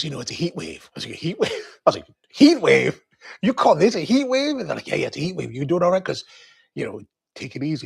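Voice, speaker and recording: A man from Maryland on the US East Coast hosts a coffee livestream, rambling through a casual story and reading viewer comments. His voice is a little high, gravelly, and husky. He laughs and quotes people using different voices.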